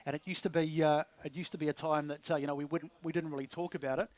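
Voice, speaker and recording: A man's voice: a little high, fairly even intonation, quick pace, dry recording. A man with a New Zealand accent, chatting as a guest on a pre-match sports radio show, rambling with fillers and restarts. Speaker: league guest commentator.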